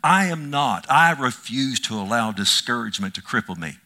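A man delivering a sermon as pastor, his voice bright and forceful at a middling pitch. He repeats his lines for emphasis and calls out amen to the congregation. He swings between ringing declarations and near-whispered asides. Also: lively intonation, normal speed. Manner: emphatic, swinging from loud proclamations to hushed asides.

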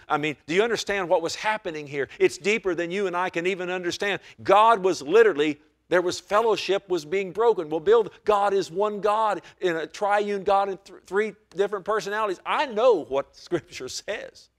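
An older man preaching a sermon as a pastor, moving between quiet, low-voiced intensity and loud, emphatic stretches, telling folksy stories with repeated words. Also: normal speed.

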